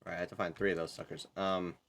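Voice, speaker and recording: A man's voice: low voice, little pitch movement, very fast, a bit bright. A young man streaming a game, chatting casually in a rambling, self-correcting way. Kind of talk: casual chat while gaming.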